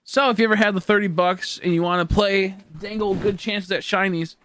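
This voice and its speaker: A man's voice: high-pitched, fairly even intonation, a little fast, a bit bright, no echo. A young man chatting on a gaming live stream, tired and goofy, with silly joking banter. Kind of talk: casual live-stream chat.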